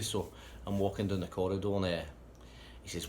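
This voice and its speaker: A man telling a rambling, profane anecdote in a casual, lively way. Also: deep voice, brisk, slight background noise. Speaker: storyteller.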